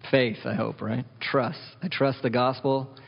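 A man preaching a sermon as pastor, animated and wry, asking the congregation questions. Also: mid-range voice, unhurried, creaky, slightly rough, in a large hall, lo-fi sound. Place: church hall.

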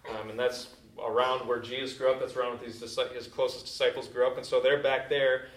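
A man's voice: medium pitch, level tone, brisk. A man preaching a sermon as a pastor, telling a story in a casual, conversational way. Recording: echoey room from a distant mic.

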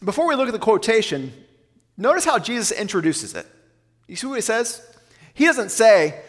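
A male pastor preaches a sermon in a high voice, and the sound rings in a long, reverberant hall. He asks his listeners rhetorical questions and slows down to read scripture aloud. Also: big pitch swings.

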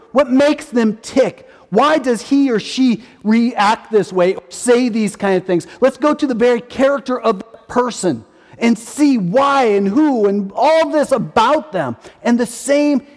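Man in his forties, pastor's sermon, emphatic, repeats himself, fairly high voice, long hall reverb. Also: a little mellow. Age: 40s. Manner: emphatic, repeats key phrases.

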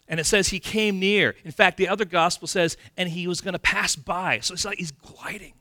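Bright-voiced animated male preacher. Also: sits high, brisk, few pauses, no echo, studio quality. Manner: animated, conversational preaching with sound effects. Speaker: pastor. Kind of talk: sermon.

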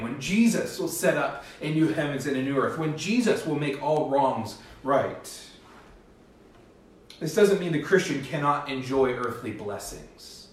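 Man preaching in an echoey hall. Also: a little high. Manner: earnest, emphatic preaching with rising bursts. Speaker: pastor. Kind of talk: sermon. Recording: echoey hall, distant mic.

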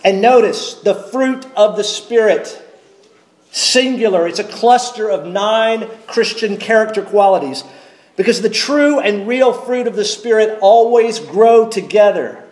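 A man preaching a sermon from the pulpit, measured and emphatic, slowing down to stress key words. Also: sits high, a little mellow, roomy sound, poor audio. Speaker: pastor. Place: church sanctuary.

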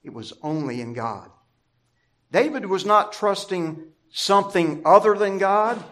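A man preaching a sermon as pastor, deliberate and emphatic, stressing key words through repetition. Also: high voice, animated, fairly bright tone.

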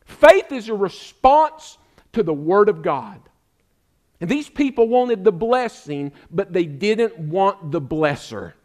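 Emphatic older pastor preaching. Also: male voice, high-pitched, expressive, slow, darkish tone. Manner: emphatic, exhorting, repeats "friend, listen". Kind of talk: sermon.

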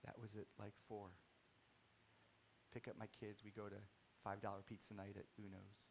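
A man in his thirties preaching a sermon, telling a story and swinging from soft-spoken to loud, excited outbursts. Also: fairly low pitch, moderate pace, slight background noise. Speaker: pastor.

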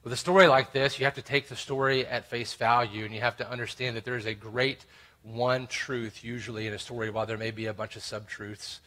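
A pastor preaches an expository sermon to his congregation, reading scripture aloud and explaining it with earnest, emphatic stress. His mid-range voice holds a steady tone, brisk, pushed and bright.

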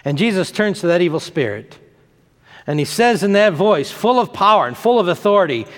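A pastor preaching a sermon, emphatic and fond of repeating phrases for effect. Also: male voice, high-pitched, very animated, brisk, long reverb tail.

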